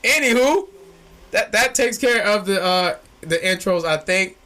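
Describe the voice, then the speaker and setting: A young man, co-hosting a casual chat that swings from low musing to shouting, laughing excitement. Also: unhurried. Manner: excitable, shouts and laughs when hyped, slangy. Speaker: podcast co-host.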